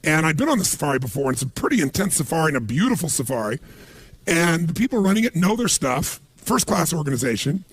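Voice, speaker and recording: A man's voice: fairly high pitch, quick pace, breathy edge, no room sound. A middle-aged man giving a motivational seminar talk, telling stories animatedly and acting out the people he quotes. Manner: animated storytelling, acts out quoted voices. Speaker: motivational speaker.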